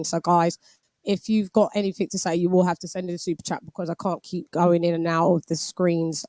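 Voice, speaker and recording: A British woman in her forties hosts a boxing live stream, chatting casually and laughing as she reads out viewer messages. Her voice sits on the low side with a darkish tone, and there's no room sound.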